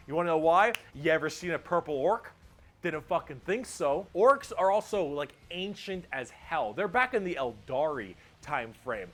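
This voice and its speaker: Man with a somewhat high voice, irreverent comedic explainer narration, casual cursing. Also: a bit bright. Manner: irreverent, swears, mock-dumb phrasing. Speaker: video essay narrator.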